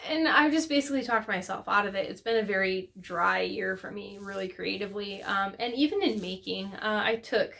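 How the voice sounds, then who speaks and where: A woman's voice: medium pitch, fairly quick, creaky, few pauses, fairly bright tone. A woman hosting a knitting podcast, chatting casually and rambling with many fillers and self-corrections. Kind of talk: casual chat to camera.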